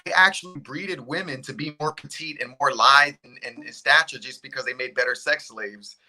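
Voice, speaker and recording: A man's voice: medium pitch, normal speed, background noise. A man calling in as a podcast guest on a video call, speaking in a laid-back, loose way. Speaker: guest, UFC fighter. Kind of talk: casual interview chat. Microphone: video call without earbuds.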